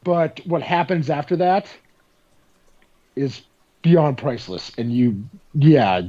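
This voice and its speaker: Man, podcast host, casual, joking, a bit high, dull lo-fi sound. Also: expressive, slow, mellow. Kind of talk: casual chat.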